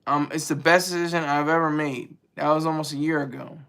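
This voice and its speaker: Male streamer, casual joking commentary to chat, fairly high and raspy. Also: steady tone, fairly quick, a bit bright. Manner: rambling, joking, reads chat aloud. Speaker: livestream host.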